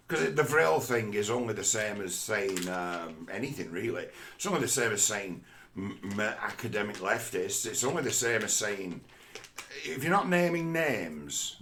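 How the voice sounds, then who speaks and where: A man's voice: fairly low pitch, gravelly, a bit bright, slight background noise. A man in a casual, rambling monologue, swearing often and talking conversationally.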